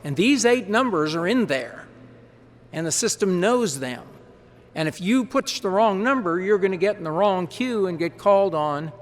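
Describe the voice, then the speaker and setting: A man who serves as parliamentarian, briefing a large assembly on procedure in a folksy, quick way with chatty asides. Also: high-pitched, expressive, a little hiss or hum. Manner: folksy, quick-talking, explains rules with asides. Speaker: parliamentarian advising delegates. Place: large conference hall.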